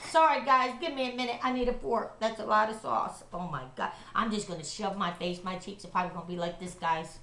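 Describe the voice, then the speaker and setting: A middle-aged woman taking on a food challenge in a casual home vlog, loud, excitable, laughing and swearing. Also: medium pitch, a little fast, hardly any pauses. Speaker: vlogger doing a food challenge. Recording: echoey room.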